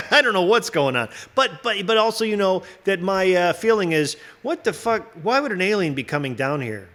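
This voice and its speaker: A man in loose, casual conversation, slightly higher-pitched than most men. He rambles from one riff to the next, swears freely and laughs a lot. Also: big pitch swings, moderate pace, pushed and bright. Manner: rambling, laughing, profane riffs. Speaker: host. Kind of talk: casual chat.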